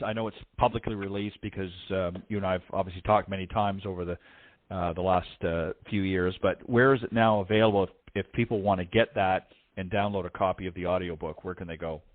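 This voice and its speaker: A man hosting a golf talk show, interviewing a guest with halting, filler-heavy questions. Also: sits low, fairly even intonation. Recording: tinny phone line.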